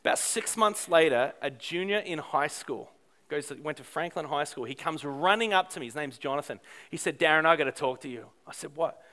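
A middle-aged man preaching a sermon, telling a story in an animated, self-deprecating way with frequent restarts. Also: a little high, fairly quick. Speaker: pastor.

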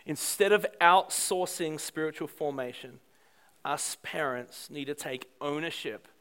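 Middle-aged male pastor, high bright smooth voice, animated self-deprecating sermon storyteller.

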